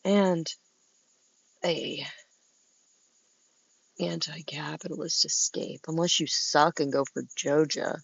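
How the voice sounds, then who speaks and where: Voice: mid-range voice, steady tone, slow pace, creaky, long pauses, fairly bright tone, husky, no room sound, muffled recording. A vlogger talking to themselves outdoors in a meandering, chatty monologue, laughing between thoughts. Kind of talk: rambling casual monologue to camera. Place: outdoors, about to go inside.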